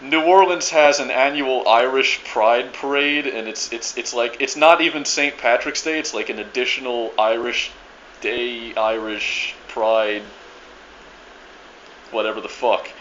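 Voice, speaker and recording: A man's voice: mid-range voice, steady tone, a little slow, a bit bright, dull audio, a little hiss or hum. A man ranting to his viewers in a profane, rambling monologue, full of restarts and stammered repeats. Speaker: video blogger ranting to viewers.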